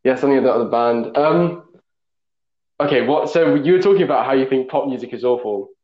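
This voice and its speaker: A young man hosts a loose podcast chat, teasing his guest and quick to joke. His voice sits at a middle pitch. The recording sounds roomy and a little dull. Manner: jokey and teasing, quick to laugh. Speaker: podcast host. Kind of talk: casual chat.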